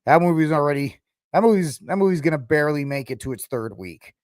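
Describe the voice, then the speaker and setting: A man's voice: a little high, expressive, fast, dry recording, studio quality. A man hosting a podcast, talking casually and rambling through opinions, mocking and exasperated at times. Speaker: podcast host. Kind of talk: casual commentary.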